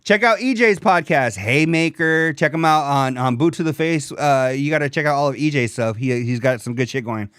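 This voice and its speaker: Man, young adult, podcast co-host, lively mocking banter, slightly high voice, dry close mic. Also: moderate pace, few pauses, smooth, no room sound. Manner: animated, swearing, mocking impressions of others. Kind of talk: casual comedic chat.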